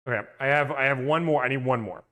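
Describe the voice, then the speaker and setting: A man's voice: medium pitch, fast talker. A man hosting a livestream, reading through a list and playfully tossing in movie-quote impressions. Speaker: livestream host. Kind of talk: casual livestream chat. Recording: loud, peaking mic.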